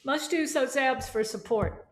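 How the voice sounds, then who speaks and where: Speaking at a measured pace in a high-pitched voice, a woman leads a voice lesson, guiding students through exercises and modeling sounds herself. The recording has an echoey room with a faint instrument.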